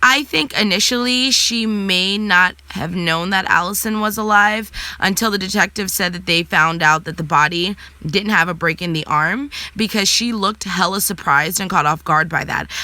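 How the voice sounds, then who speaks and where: A young adult woman answers viewer comments in a loose, sassy live chat, blunt and quick to swear. Her voice is bright and forward. It sits close and dry, with no room sound. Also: lowish voice, no echo.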